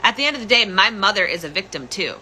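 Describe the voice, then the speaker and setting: Candid woman with a very bright voice. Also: medium pitch, expressive, fast, a little hiss or hum, poor audio. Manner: emotional, candid, repeats phrases for emphasis. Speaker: podcast host. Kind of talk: personal storytelling monologue.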